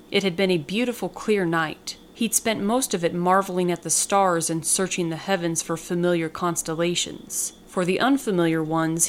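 A woman hosting a podcast and reading a short story aloud in a measured, descriptive way. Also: fairly low pitch, a little hiss or hum.

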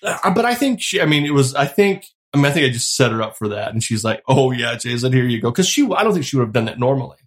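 A man's voice: medium pitch, lively intonation, fast talker, few pauses, fairly bright tone. Middle-aged man telling stories with laughs. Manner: storytelling, laughs often. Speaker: podcast co-host. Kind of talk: casual chat.

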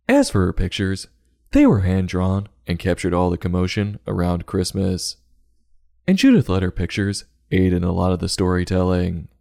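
A man's voice: low-pitched, creaky, dark tone. A man hosting a comedic podcast that reviews children's books, with a sarcastic, jokey delivery.

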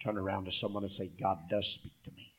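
A man preaching a sermon. He calls out to the congregation, swings from loud emphasis to hushed asides, and reads scripture aloud. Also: deep voice, level tone, quick pace, breathy edge, narrow, tinny audio.

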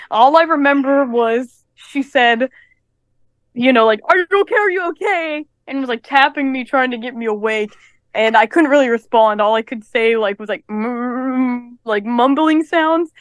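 High-voiced young woman, rambling chat. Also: moderate pace, no room sound, clean studio sound. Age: 20s. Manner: rambling, breezy storytelling. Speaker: podcast co-host. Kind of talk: casual chat.

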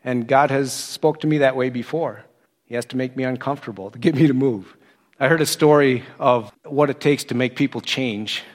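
A middle-aged man giving a sermon, telling his own story in a conversational way with animated quoted asides. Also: mid-range voice, moderate pace. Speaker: associate pastor turned preacher. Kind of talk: sermon with personal testimony.

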